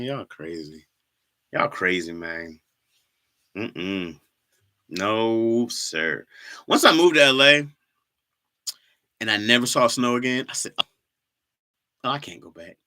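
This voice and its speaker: A man's voice: medium pitch, bright, forceful tone. A young man from Michigan hosting a casual livestream, reading viewer comments in loose slang and laughing often. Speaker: livestream host.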